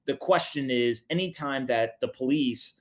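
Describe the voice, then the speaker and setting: A man co-hosting a podcast, explaining news items in quick, offhand casual chat. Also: mid-range voice. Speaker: podcast co-host.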